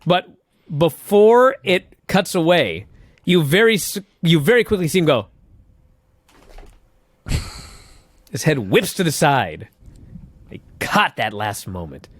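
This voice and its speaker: A man talks casually on a podcast, retelling a scene with animated energy and the occasional swear word. His voice sits high and swoops up and down a lot. The sound is close and dry, with no room around it. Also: slow, long pauses, no room sound. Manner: animated storyteller, swears, laughs. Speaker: podcast co-host. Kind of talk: casual chat recapping wrestling.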